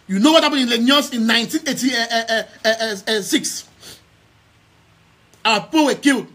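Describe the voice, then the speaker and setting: With an extremely high pitch that comes out pushed and bright, a young man from Southern Cameroons speaks Cameroonian-accented English to followers on a live stream. He is an activist and the head of a news outlet, and his emphatic talk keeps circling back to key phrases amid many stammered restarts.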